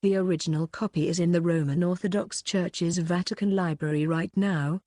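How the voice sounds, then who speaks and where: A woman's voice: lowish voice, steady tone, normal speed, dark tone, no echo, studio quality, lightly acted. A woman doing Stiyl, a curt, weary sorcerer. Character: young male sorcerer, smoker, irritable and weary.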